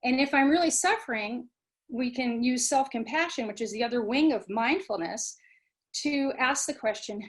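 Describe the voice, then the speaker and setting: A woman giving a talk on mindfulness, animated, acting out students' inner voices and often asking "right?" and "you know". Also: on the high side, moderate pace. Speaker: guest speaker on mindfulness. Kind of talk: talk to a webinar audience.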